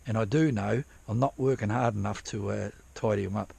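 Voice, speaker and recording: A man with a gravelly, husky voice talks outdoors at a dig site in light rain. He rambles in loose, profane asides, breaking off and restarting his sentences as he goes. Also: fairly low pitch, fairly even intonation, fairly quick, darkish tone, no room sound. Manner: rambling, profane, self-interrupting. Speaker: vlogger prospecting for gold. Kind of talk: casual rambling vlog.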